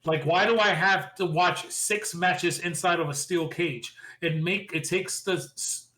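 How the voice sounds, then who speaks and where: Speaking quickly and with animation, a male podcast co-host gives opinionated takes on the week's wrestling in a casual setting. His slightly high voice is bright and forceful with fairly even intonation, he often acts out quotes, and the audio is low quality.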